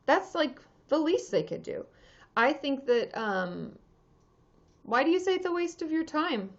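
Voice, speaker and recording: A higher-pitched woman in her thirties talks loosely through viewer questions as a therapist on a live stream, tripping over restarts and fillers. The audio is dull and lo-fi, like a webcam stream. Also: big pitch swings, unhurried. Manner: chatty, scattered, many fillers and restarts. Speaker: therapist answering live chat. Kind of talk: casual livestream chat.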